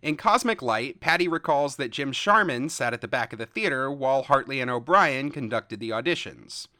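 A man hosting a podcast, narrating history in a lively storytelling way and reading out quotes. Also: mid-range voice, moderate pace, no echo, studio quality. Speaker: podcast host. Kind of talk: scripted narration with banter.

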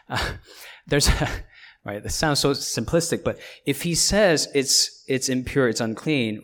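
A man's voice: mid-range voice, animated, measured pace, a bit bright. A man, a pastor, preaching a sermon in a conversational way, often checking in with the listeners by asking "right?" and restarting his phrases.

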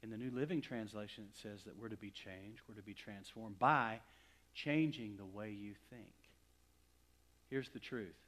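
Middle-aged guy from west texas giving a sermon, gets loud then goes real quiet. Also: fairly low pitch, moderate pace. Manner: dramatic swings from loud emphasis to hushed near-whispers. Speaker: pastor.

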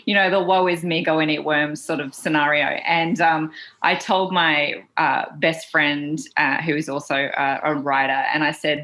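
An Australian woman, a writer and panel guest, telling a lively story on a video call and acting out the people she quotes. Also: deep voice, fairly quick. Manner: lively storytelling, animated quoting. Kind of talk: casual panel conversation.

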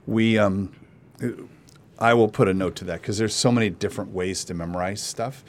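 Low-voiced man hosting a casual podcast. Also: moderate pace. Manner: rambling, many restarts and fillers. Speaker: podcast host. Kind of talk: casual interview chat.

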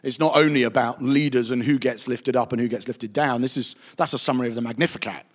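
A man, a pastor giving a chatty, anecdotal Bible teaching with animated asides. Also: mid-range voice, quick pace. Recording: reverberant hall.

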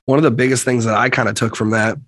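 A man hosts the conversation, picking up on his guest's points in a reflective, halting way. His voice sits at an average pitch, and the sound is dry and close with no room echo. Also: level tone, a bit bright. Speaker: interview host. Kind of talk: conversational interview.

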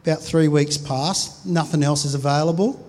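A pastor in his forties preaches a sermon, telling stories in a conversational way and often restarting his sentences. His voice sits high for a man, and the sound rings with a long hall reverb. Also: steady tone, normal speed, darkish tone. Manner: conversational storytelling with many restarts.

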